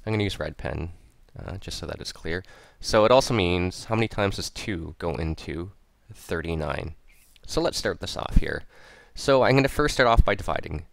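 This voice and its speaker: A man with a low voice and a gravelly edge walks through a math lesson one step at a time. He talks patiently, repeating each step aloud as he writes. The sound is dry and close. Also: lively intonation, moderate pace, no echo. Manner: patient, repeats steps aloud while writing. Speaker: math teacher. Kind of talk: step-by-step tutorial explanation. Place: at a computer, recording a screen lesson.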